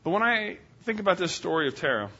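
A man preaching a sermon, telling a folksy story in an animated way and voicing its characters. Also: high voice, fast talker. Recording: dull lo-fi sound.

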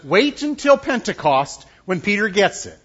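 A middle-aged man delivers a sermon with a lively, swooping delivery that often falls to a hush for emphasis. His voice is slightly husky and a bit high for a man. The recording sounds dull and lo-fi. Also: moderate pace. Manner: animated, emphatic preaching with sudden soft drops. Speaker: pastor.

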